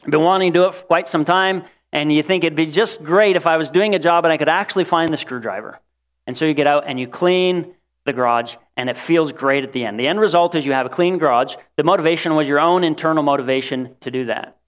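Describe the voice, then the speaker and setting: A man preaching a sermon in an animated way, acting out the voices of the people he quotes. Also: fairly high pitch, quick pace.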